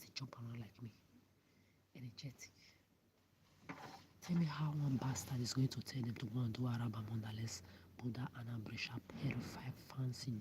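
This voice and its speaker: A man, ranting bitterly at the camera and often dropping into a hissed whisper. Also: mid-range voice. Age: 30s. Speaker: vlogger. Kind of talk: angry monologue to camera. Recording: steady background noise.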